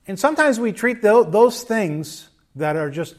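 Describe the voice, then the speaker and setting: Middle-aged male preacher, fairly high voice, measured and earnest delivery. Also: animated. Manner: measured, earnest, with quoted asides. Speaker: pastor. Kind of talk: sermon.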